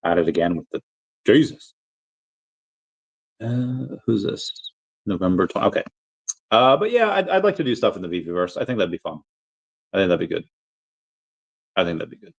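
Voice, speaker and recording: A man's voice: deep voice, huge pitch swings, moderate pace, vocal fry, long pauses, husky. A man hosting a casual livestream, rambling and chatting with viewers, full of fillers and restarts. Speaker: livestream host. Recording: dull lo-fi audio.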